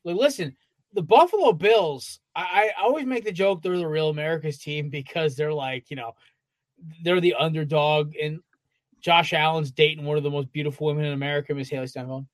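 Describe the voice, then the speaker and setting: A man's voice: a little high, brisk, dry recording. A man co-hosting a casual sports podcast, ranting in a fired-up way with heavy swearing. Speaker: podcast co-host.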